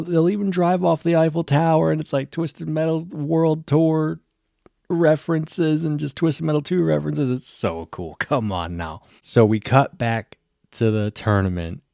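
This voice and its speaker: A man hosting his own channel, giving a casual, rambling and excited episode recap full of "like" fillers. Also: medium pitch, gravelly, no room sound, clean studio sound. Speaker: channel host reviewing a TV episode. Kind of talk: casual video review recap.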